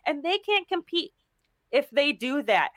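A woman with a high voice explains things in a steady, measured way. She sounds like a strength coach talking as a guest in a casual chat. The recording is dry, with no room sound. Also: no echo.

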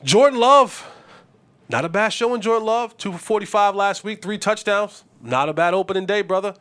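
A high-voiced man talking sports casually on his own show. He is animated and blunt, making quick picks and trash talk. He stumbles over words and repeats himself as he goes. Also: clear, resonant tone. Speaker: podcast host and former receiver.

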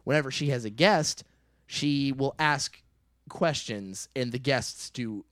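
A man's voice: mid-range voice, takes it slowly, a bit bright, no echo. A man co-hosting a casual podcast, explaining at length with dry teasing. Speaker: co-host.

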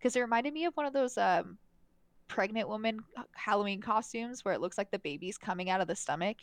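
A woman's voice: medium pitch, animated, a little fast, dry recording. Chatty woman recapping a movie, dry mic. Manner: chatty, laughs often, many fillers and restarts. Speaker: podcast co-host. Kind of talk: casual chat reviewing a movie.

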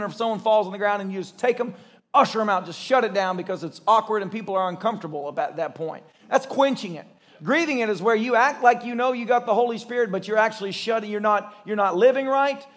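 A male pastor preaching a sermon, telling stories in an animated way and acting out the voices of the people in them. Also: high-pitched. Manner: animated storytelling with acted-out voices and laughter.

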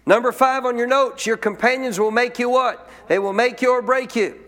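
A man's voice: very high voice, fairly even intonation, moderate pace, fairly bright tone. A man preaching a sermon to a congregation, emphatic, asking questions and repeating his points. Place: church.

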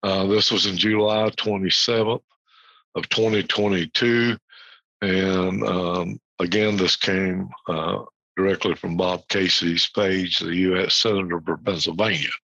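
Bright-voiced man with rambling, filler-heavy talk. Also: low voice, steady tone, measured pace, gravelly, no echo. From United States. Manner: rambling, frequent fillers, reads quotes aloud. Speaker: podcast host. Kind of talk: informal educational talk. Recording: dull lo-fi dry recording.

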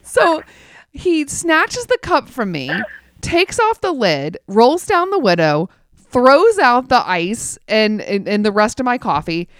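A woman's voice: fairly high pitch, slow pace, no echo, studio quality. Chatty woman telling a wry story. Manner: chatty, animated, many "like" fillers; wry, laughs through the telling. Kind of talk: casual chat storytelling.

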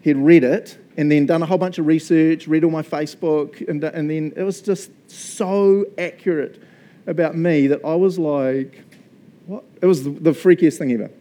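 Middle-aged New Zealand pastor, warm low tone, chatty self-mocking sermon storyteller. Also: male voice, fairly even intonation, moderate pace.

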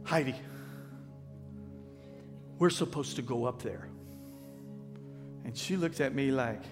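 A pastor telling a story in a folksy, animated sermon style, acting out what people said. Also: male voice, medium pitch, slow pace, pauses often. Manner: folksy, animated, acts out quotes. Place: church sanctuary. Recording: long church hall reverb with faint music.

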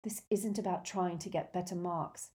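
A woman voicing a desperate teenage boy wizard who talks fiercely and shouts his pleas, in an audiobook reading. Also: on the low side, fairly even intonation, moderate pace, natural voice. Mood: angry.

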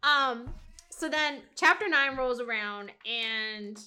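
A woman chatting casually about a book, animated and swearing freely, acting out the characters' lines as she retells them. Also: on the high side, slow, smooth. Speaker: podcast co-host discussing a book. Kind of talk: casual chat.

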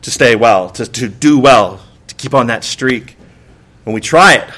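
A man's voice: mid-range voice, a little slow, fairly bright tone. A man preaching a sermon as pastor, conversational, with repeated rhetorical questions and acted-out outbursts. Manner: conversational, acts out exasperated outbursts; frequent rhetorical "right?" and repeated words. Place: church.

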